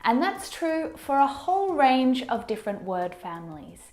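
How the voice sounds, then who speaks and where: A woman teaching English pronunciation, speaking deliberately and repeating each word slowly as a model. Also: high voice, big pitch swings, darkish tone, roomy sound, soft background music. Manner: slow, deliberate, models words by repeating them.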